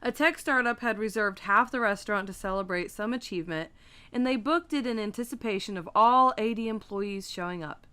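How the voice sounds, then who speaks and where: A woman co-hosting a podcast with a smooth, clear voice at a middle pitch. She tosses in quick quips and reads out a story in a relaxed, casual way. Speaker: podcast co-host. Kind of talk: casual chat and story reading.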